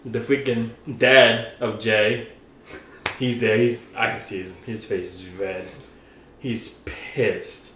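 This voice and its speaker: A young man casually telling a workplace story as a podcast co-host, acting out what people said in an animated way. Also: on the low side, slow. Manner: animated storyteller, acts out quotes. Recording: roomy echo, faint background noise.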